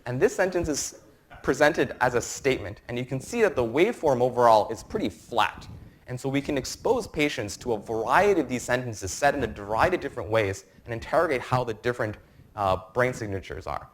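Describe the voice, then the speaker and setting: A young man in his twenties gives a science talk to a live audience in a lecture room. His voice sits at an ordinary middle pitch, and his explanations are quick and informal, with a faint hum of room noise behind him. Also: lively intonation. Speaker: medical student presenter. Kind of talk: academic lecture presentation.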